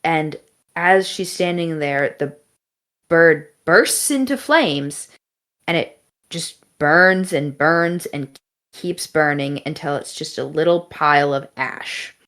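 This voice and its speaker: A woman's voice: low-pitched, expressive, slow pace, a bit bright. A young woman co-hosting a podcast, telling a story in a chatty, casual way. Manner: chatty, casual, with fillers and swearing. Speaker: podcast co-host.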